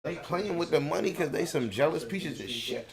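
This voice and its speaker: A man's voice: on the high side, animated, moderate pace, vocal fry, crowd noise. A man hosting a livestream from home, ranting in a heated, profane, repetitive way. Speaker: livestream host. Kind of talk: angry livestream rant.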